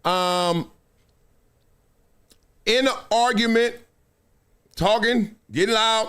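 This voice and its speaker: A male host telling a story on a live stream, animated and slangy, laughing often. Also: high-pitched, takes it slowly, long pauses, clean tone.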